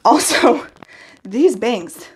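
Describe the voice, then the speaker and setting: A woman's voice: fairly high pitch, sing-song, very slow. A young woman hairstylist talking to her phone in her bathroom, nervous and giggly as she chats to herself. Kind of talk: casual vlog self-talk. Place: bathroom at home.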